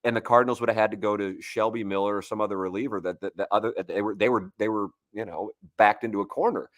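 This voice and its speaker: A man's voice: on the low side, steady tone, quick pace, a bit bright, no room sound. Man in his forties telling sports stories. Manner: rambling anecdotes with many restarts. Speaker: sports radio guest. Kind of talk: casual sports talk, storytelling.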